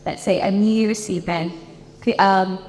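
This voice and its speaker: A woman's voice: medium pitch, steady tone, measured pace, darkish tone, a little hiss or hum. A woman with a Filipino accent answering on a conference panel, chatty and laughing, sometimes switching into Tagalog. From Philippines. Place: conference hall. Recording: long hall reverb.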